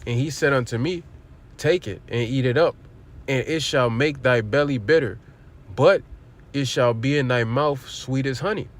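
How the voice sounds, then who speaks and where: A man's voice: mid-range voice, normal speed. Blunt, profane livestream preacher man. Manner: reads verses aloud, then explains them bluntly with profanity and rhetorical questions. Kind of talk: streamed scripture lesson.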